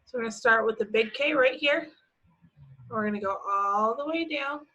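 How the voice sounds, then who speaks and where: A woman teaching preschoolers, speaking slowly and patiently, asking the children questions and answering them herself with encouragement. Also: fairly high pitch, pushed and bright, highs cut off.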